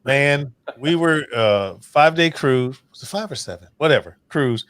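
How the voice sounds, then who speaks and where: A man's voice: medium pitch, expressive, normal speed, a bit bright, no echo. A man hosting a casual livestream chat, telling rowdy stories about drinking and swearing freely. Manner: loose, swearing, storytelling with drinks. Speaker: host of a cooking channel livestream.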